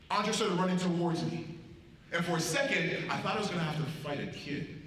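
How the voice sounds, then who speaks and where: Animated man in an echoey hall. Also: brisk. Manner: animated storyteller, acting out quotes with big swings in loudness. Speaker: motivational speaker at a school assembly. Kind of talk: storytelling speech to students. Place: large school hall. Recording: very echoey hall, voice from far off, faint rumble.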